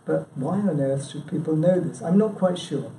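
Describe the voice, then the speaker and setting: A man who chairs a local branch presents informally to a live audience, quizzing them in a chatty, self-interrupting way and often adding "yeah?" and "you know." He speaks at a moderate pace in a slightly high voice with a dark tone, recorded from a distance in an echoey meeting room with a little hiss or hum.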